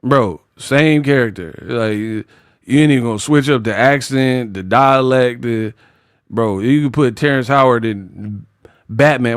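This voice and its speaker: A man hosting a boxing commentary vlog, talking in a slangy, animated and mocking way. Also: mid-range voice, a little slow, clear, resonant tone, no echo, clean studio sound.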